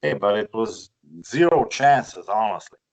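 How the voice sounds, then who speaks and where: A man from Romania with a Romanian accent, telling a personal story in a halting, chatty way with many repeated words. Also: lowish voice, lively intonation, a little mellow, rough recording. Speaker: guest, bus collector. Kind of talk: casual storytelling.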